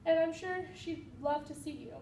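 A woman's voice: high voice, moderate pace, creaky, warm tone, roomy sound, distant mic, slight background noise, voice pushed up. A woman voicing a caring mother while reading a story aloud to a class. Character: caring mother of a little girl.

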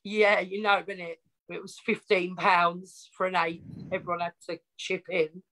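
Essex woman guest, lowish pitch, chatty, laughs a lot, frank storyteller. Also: level tone, moderate pace, a bit bright, poor audio. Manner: chatty, laughs often, frank and self-mocking. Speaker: podcast guest. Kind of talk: casual storytelling interview.

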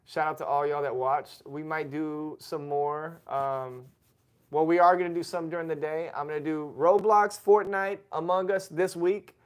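A man's voice: on the high side, steady tone, normal speed, clear, resonant tone. A man, hosting a casual family livestream, chatty and reading out viewer messages. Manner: chatty, reads chat aloud, gives shout-outs.

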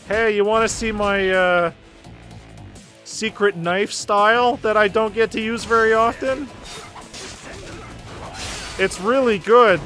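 A man streaming a game who gives excitable, casual commentary and laughs and swears often. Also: high-pitched, slow, long pauses, faint music behind.

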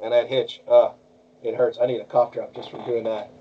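This interview guest, a man who voices cartoons, talks at a moderate pace with a medium-pitched voice that comes through muffled. His casual chat is animated, frequently breaking into bits of his characters.

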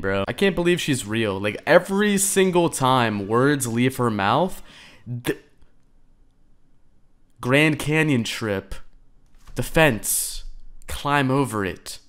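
A man's voice: medium pitch, fairly bright tone, clear, resonant tone. A young man streaming reaction commentary, rambling, sarcastic and crude, often swearing. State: out of breath. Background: faint background music.

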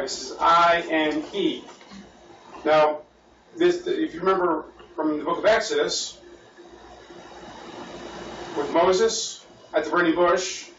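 A man with an American accent leading a church Bible study as pastor, repeating his words as he thinks and asking the class questions. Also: a little high. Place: church meeting room. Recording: roomy, distant, dull and lightly noisy.

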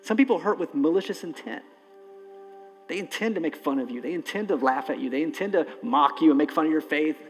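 A man's voice: on the high side, expressive, faint music behind. Impassioned male pastor preaching in a reverberant hall. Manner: impassioned, swings between loud emphasis and hushed slow lines. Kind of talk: sermon. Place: church sanctuary.

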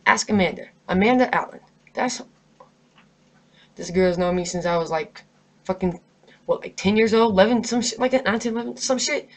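A woman rants to her camera in a heated, emphatic voice, swearing constantly as she vents her stress. Her pitch sits in a middle range, neither high nor low, and she leans hard on her words. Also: normal speed, long pauses. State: angry, stressed. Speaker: vlogger. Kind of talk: unscripted rant to camera.

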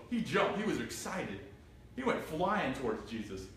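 A man's voice: on the high side, a little fast. A man preaching an interactive Bible study, reading scripture and asking the group questions. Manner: animated, asks the group questions, reads scripture aloud. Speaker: pastor. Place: church room. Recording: echoey room from far off, faint noise.

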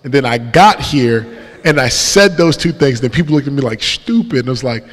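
A young man speaks from the front of a church, telling his story with lively, self-mocking humor and acting out the people in it. His mid-range voice rolls out into a long church-hall reverb. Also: medium pitch, brisk. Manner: lively storyteller who acts out dialogue and laughs at himself. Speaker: guest speaker. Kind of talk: storytelling testimony. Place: church sanctuary.

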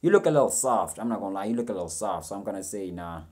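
A man's voice: fairly low pitch, lively intonation, racing, darkish tone, slightly rough. A young man giving a rambling, self-mocking reaction commentary, swearing freely as he goes. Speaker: reaction video host.

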